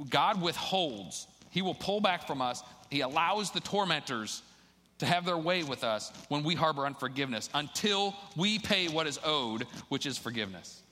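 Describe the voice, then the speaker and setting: A man's voice: fairly high pitch, lively intonation, moderate pace, bright, forceful tone. A man preaching a sermon in a casual, conversational way, reading scripture aloud and then explaining it to the church. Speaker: pastor. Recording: long hall reverb.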